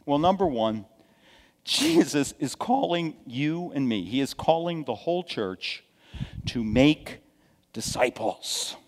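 A middle-aged male pastor preaches with a fairly high voice that leaps and dips with every phrase. He drops to near whispers, then surges loud, tossing in folksy asides and repeated okays. His voice rings with the long reverb of a large church sanctuary. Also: very animated, slow pace. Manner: dramatic preaching that swings from hushed to loud. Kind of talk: sermon.

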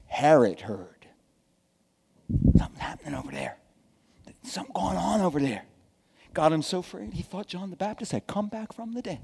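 A middle-aged man, a pastor, preaching a sermon with dramatic swings from hushed to loud and folksy asides. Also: sits high, lively intonation, moderate pace, creaky, pauses often, slightly rough. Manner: folksy asides and repeated okays. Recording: long hall reverb from a church sanctuary.

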